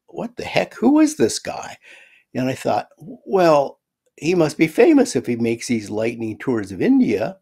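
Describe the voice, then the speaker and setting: An older man casually recounting a personal story, animated, acting out the voices of the people in it. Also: mid-range voice, vocal fry, breathy edge. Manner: animated retelling, acts out quoted voices. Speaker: guest storyteller.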